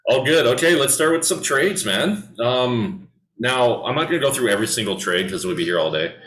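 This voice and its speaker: A man's voice: mid-range voice, expressive, brisk, a bit bright, reverberant, low-quality recording. A man hosting a casual hockey podcast, talking loosely with many ums and restarts. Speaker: podcast host. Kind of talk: casual sports chat.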